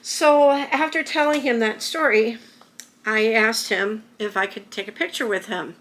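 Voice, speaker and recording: Woman, middle-aged, vlogger, personal story, emotional, rambling, bright tone. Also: a little high, steady tone, measured pace. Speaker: YouTuber.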